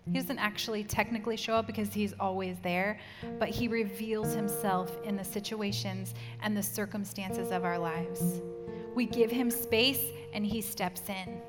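A woman's voice: medium pitch, steady tone, normal speed. A middle-aged woman preaching a sermon and telling a personal story in an earnest way, acting out voices as she quotes them. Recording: long hall reverb with music behind. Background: soft guitar music.

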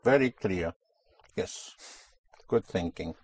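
A man's voice: mid-range voice, animated, takes it slowly, breathy edge, dry recording. A man teaching a Spanish lesson, patiently explaining grammar and repeating his students' answers back to them. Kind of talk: language lesson.

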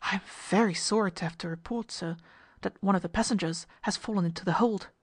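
A woman's voice: medium pitch, fast, close to an everyday voice. A woman reading a story aloud, voicing a grave, respectful ship's chief officer. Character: grave, dutiful male chief officer of a ship.

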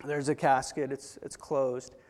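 A man preaching a sermon, retelling a story with dramatic swings between hushed and loud delivery. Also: mid-range voice, flat delivery, a little slow. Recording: long hall reverb.

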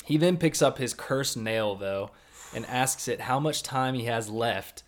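A young man co-hosting a podcast recaps an anime episode in casual, jokey banter, speaking a little slowly in a mid-range voice. He's animated and punches up his emphasis, swinging loud when he stresses a point.

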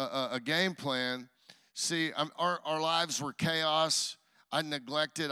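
A man's voice: a little high, sharp tone, clean tone. A man preaching as guest pastor, telling a personal story with acted-out dialogue and frequent restarts. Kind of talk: sermon.

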